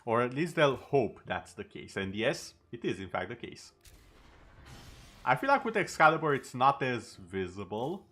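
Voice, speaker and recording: A man's voice: medium pitch, very animated, moderate pace, a bit bright, faint music behind. A male streamer in casual chat over gameplay, talking easily and tossing in sarcastic asides.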